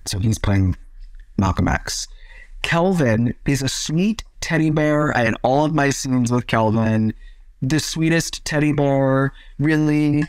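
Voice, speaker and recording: A man talks as an interview guest, spinning stories from film sets and acting out the lines people said. His pitch sits in the middle of the male range. The sound is dry and close, with no room around it. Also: no echo. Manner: lively storyteller, acts out quotes. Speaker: actor, podcast guest. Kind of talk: casual interview chat.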